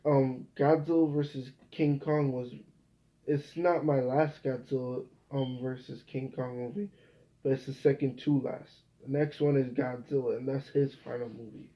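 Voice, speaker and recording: A young man talks straight to camera in a loose, rambling monologue. He swears freely and keeps restarting his sentences, at an ordinary middle pitch. The sound is muffled and lo-fi. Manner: rambling, profane, frequent restarts. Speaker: video creator. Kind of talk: casual vlog monologue. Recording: dull lo-fi recording.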